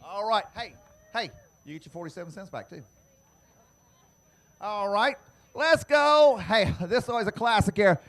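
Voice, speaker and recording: Loud teasing man on a track mic. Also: sits high, expressive. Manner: loud, teasing, drawn-out shouting. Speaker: track announcer giving away prizes. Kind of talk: playful crowd giveaway on PA. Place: outdoor dirt racetrack.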